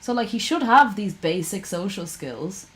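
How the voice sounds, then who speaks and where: A woman's voice: medium pitch, expressive, moderate pace, low-quality recording. A woman streamer giving casual reaction commentary to her chat, heated and ranting, swearing freely.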